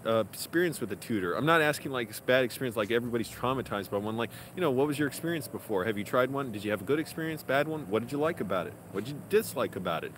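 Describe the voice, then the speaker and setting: Chatty male vlogger, mid-pitch, rambling with fillers, clear city noise around him. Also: lively intonation, racing, few pauses, a bit bright. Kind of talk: casual vlog talk. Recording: outdoor street noise behind.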